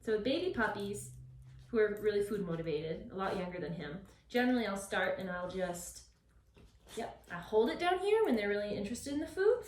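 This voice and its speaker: A woman dog trainer explaining a puppy session, switching between calm explanation and high, bright praise for the dog. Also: a little fast, a little hiss or hum. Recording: echoey, from a distance.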